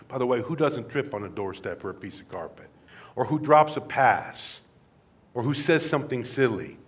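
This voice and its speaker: Male pastor, earnest conversational sermon delivery, slightly high voice, punches key words.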